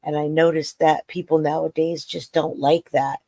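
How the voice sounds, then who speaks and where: A man hosts a true crime live chat, blunt and openly emotional as he reacts to a sentencing. He fights back tears and his voice cracks. He speaks in a fairly high, flat tone that sounds dry and close. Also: moderate pace, creaky, no echo. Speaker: true crime livestream host. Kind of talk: emotional live commentary on court footage.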